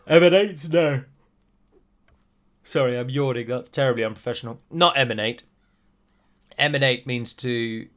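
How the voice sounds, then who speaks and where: A man's voice: medium pitch, sharp tone. A man giving casual gameplay commentary, rambling and self-deprecating with chatty asides.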